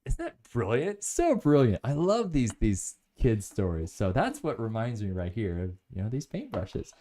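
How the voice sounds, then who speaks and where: A man's voice: mid-range voice, huge pitch swings, normal speed, dark tone, slight background noise. A man hosting a casual live product review, enthusiastic and rambling into stories.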